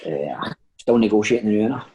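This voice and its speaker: A man's voice: lowish voice, lively intonation, brisk, warm tone, dull audio. A Scottish man, a former footballer and podcast guest, answering briefly and easily over a video call. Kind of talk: casual chat.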